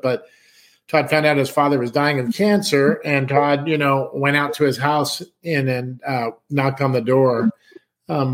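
A middle-aged man from San Diego telling a long personal story in casual chat, acting out other people's lines and swearing casually. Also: medium pitch. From San Diego, California.

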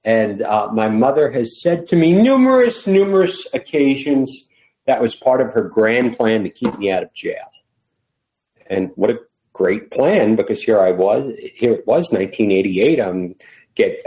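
A man's voice: lowish voice, mellow, rough recording. A middle-aged man from New York City, a guest telling his career story in a casual interview with wry, self-deprecating humor. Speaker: guest, retired FBI employee.

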